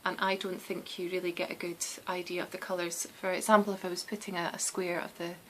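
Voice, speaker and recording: A woman's voice: on the low side, little pitch movement, quick pace, a little hiss or hum, poor audio. A Scottish woman hosting a knitting podcast, chatting casually and meandering with lots of restarts and ums. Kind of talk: casual chat.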